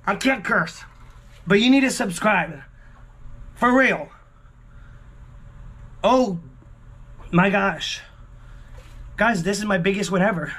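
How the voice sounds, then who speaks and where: Man, lottery vlogger, high voice, sharp tone, exclamatory, repetitive, hushed to yelling. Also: unhurried, long pauses. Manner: exclamatory, keeps repeating himself and calling out to viewers; swings between hushed murmuring and yelling. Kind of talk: excited casual vlog commentary.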